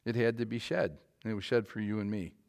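A male preacher giving a sermon to a congregation in a church, emphatic, putting questions to the listeners and moving between loud and quiet passages. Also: on the low side, steady tone, fast talker, gravelly.

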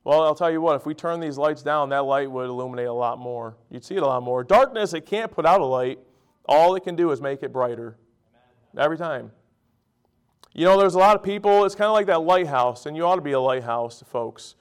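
A man's voice: a little high, animated, brisk, smooth. A middle-aged man preaching a sermon. He talks in a conversational, storytelling way, with emphatic bursts.

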